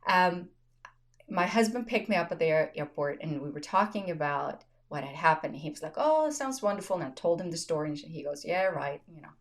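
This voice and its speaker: Animated laughing woman telling a story. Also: low voice, brisk. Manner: animated storyteller, laughs often, acts out quotes. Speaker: podcast host. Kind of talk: casual conversation, storytelling.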